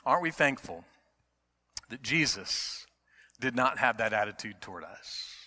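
A middle-aged male pastor preaching a sermon, swinging between hushed moments and emphatic, rising passages. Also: mid-range voice, lively intonation, a little slow. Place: church sanctuary. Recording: long reverb of a large hall.

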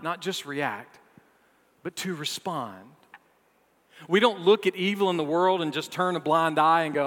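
A man preaching a sermon, rising to emphatic peaks, then dropping low, with playful asides to the congregation. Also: fairly bright tone. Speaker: pastor. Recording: long hall reverb.

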